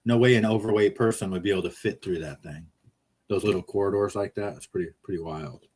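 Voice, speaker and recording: Man, low voice, casual livestream host, rambling, jokey, reads comments aloud, talking from a car. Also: fast, a little mellow, slightly rough.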